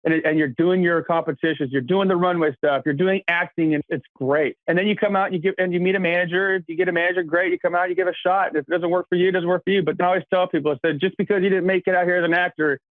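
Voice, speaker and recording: A man in his thirties from Kentucky, a guest telling energetic, rambling stories with laughs in a casual chat. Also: high-pitched, fast, hardly any pauses, dry recording. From Kentucky, USA. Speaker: guest, actor. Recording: tinny phone-like line, dry.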